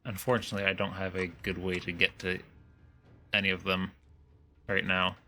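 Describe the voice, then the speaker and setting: A man's voice: low voice, completely flat delivery, moderate pace, sharp tone, slight background noise. A man talking casually and thinking aloud while playing a co-op video game. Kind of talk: casual gameplay chat.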